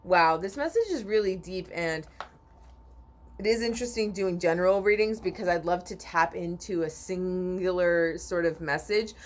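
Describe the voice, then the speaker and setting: A woman speaking at a normal speed with a fairly low pitch does a spiritual oracle card reading for viewers. She comes across as sleepy, yawning and rambling, with repeats, restarts and frequent throat-clearing.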